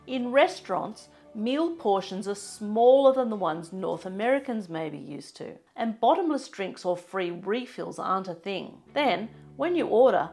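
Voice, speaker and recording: A woman with a general Australian accent, reading a scripted travel-advice narration in a chatty, lightly humorous, explanatory way. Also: medium pitch. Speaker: travel vlogger.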